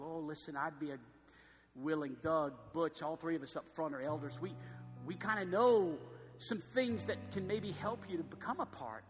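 A man preaching a sermon, swinging from soft, intimate asides to loud, fervent proclamation, then leading a closing invitation. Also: a little high, moderate pace. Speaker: pastor. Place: church sanctuary. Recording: long church reverb with faint music.

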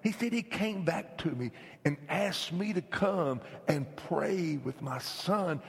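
A man from North Carolina, preaching an emphatic revival sermon that swings between loud, shouted lines and hushed whispers. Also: fairly high pitch, expressive, slow pace, gravelly, in a large hall. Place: church sanctuary.

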